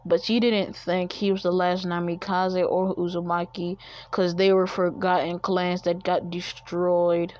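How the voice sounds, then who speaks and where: A woman's voice: on the low side, level tone, unhurried, a little mellow, no room sound. A woman casually improvising a fan story, rambling and correcting herself as she goes. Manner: rambling, with restarts and self-corrections. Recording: dull lo-fi recording.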